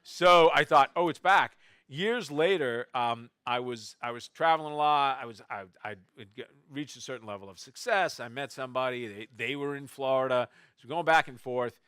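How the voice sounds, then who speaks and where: Bright-voiced man telling stories. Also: mid-range voice, normal speed, hardly any pauses, clear, resonant tone, no echo. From Boston, USA. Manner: animated, wry anecdotes with restarts. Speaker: novelist speaking at a festival. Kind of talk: storytelling talk to an audience. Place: festival stage before an audience.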